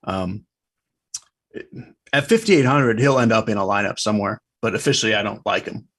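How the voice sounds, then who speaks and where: A man's voice: fairly low pitch, moderate pace, fairly bright tone, husky. A man giving blunt, opinionated fantasy sports picks in a casual chat. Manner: blunt, opinionated, matter-of-fact.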